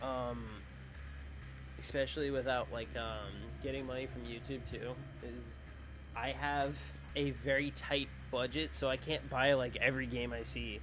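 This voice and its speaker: A man's voice: mid-range voice, fairly even intonation, measured pace, background noise. Tired, rambling young-sounding man. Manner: rambling, chatty, self-joking. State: sleepy, tired. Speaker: gaming channel host. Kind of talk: casual video outro chat.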